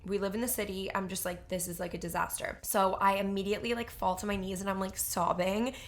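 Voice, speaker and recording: A woman's voice: medium pitch, fast talker. A young woman co-hosting a podcast, telling stories in casual chat with lots of "like" fillers. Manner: animated storyteller, heavy use of "like". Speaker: podcast co-host.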